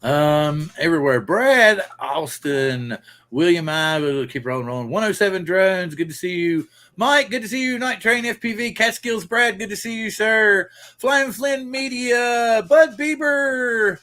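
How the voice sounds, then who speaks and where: A man's voice: high voice, moderate pace, bright, forceful tone. A man hosting a casual live stream, rambling loosely and greeting viewers by name. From Pacific Northwest. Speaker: livestream host.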